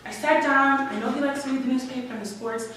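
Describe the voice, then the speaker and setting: A woman's voice: high voice, quick pace, fairly bright tone, a little hiss or hum. A young woman from New York telling a candid, wry and emotional personal story at a live story slam. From Washington Heights, New York. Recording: echoey room, distant mic, faint ambience.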